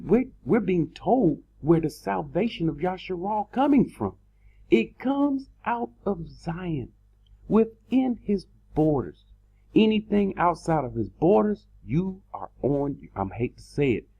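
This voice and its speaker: A man delivers an emphatic sermon with a husky, mellow voice that sits a little high. He repeats words and drags out key phrases for emphasis. The recording is dull and lo-fi. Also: very animated. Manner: emphatic, repeats words, slows down to stress points. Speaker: preacher. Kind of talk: sermon in an online video.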